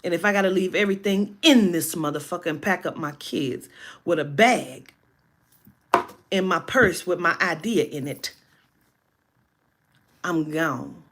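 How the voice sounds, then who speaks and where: A woman telling a personal story in a casual monologue, animated and emphatic, with heavy profanity. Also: on the low side, a little slow, long pauses, a little hiss or hum.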